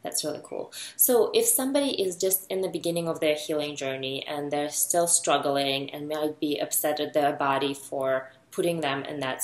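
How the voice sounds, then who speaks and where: Woman, interview host, very low pitch, gentle careful questions, roomy sound. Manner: gentle, supportive, asks slow careful questions. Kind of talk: casual interview conversation.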